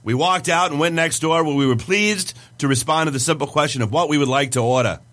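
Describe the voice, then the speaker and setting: A man's voice: a little high, a little fast, a bit bright, close to an everyday voice. A man reading out a complaint in a put-on Boston accent, voicing an indignant male reviewer in a stiff, mock-formal way.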